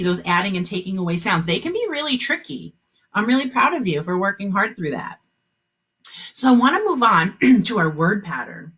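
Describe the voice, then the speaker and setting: A woman teaching a kindergarten phonics lesson on a video call, speaking slowly and encouragingly and stretching out the sounds of words for young children. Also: mid-range voice, very animated, fairly bright tone, husky.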